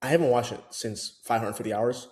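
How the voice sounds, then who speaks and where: A man with a mellow, somewhat dark voice talks casually to the camera, rambling with plenty of fillers and false starts. The sound is roomy, with a noticeable echo around him. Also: medium pitch, a little fast. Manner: chatty, full of fillers and restarts. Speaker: language-learning vlogger.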